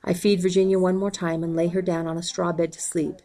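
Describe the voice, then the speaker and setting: A woman reading a novel aloud in a calm, even way, calling out the page numbers as she goes. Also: lowish voice, fairly quick, poor audio. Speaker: audiobook reader.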